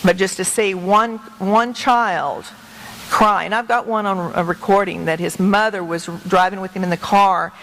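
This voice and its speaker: A woman's voice: medium pitch, steady tone, normal speed, a bit bright, poor audio. A middle-aged woman educator giving an earnest, emphatic talk to a meeting as a guest speaker, speaking conversationally. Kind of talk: public talk to a meeting with slides.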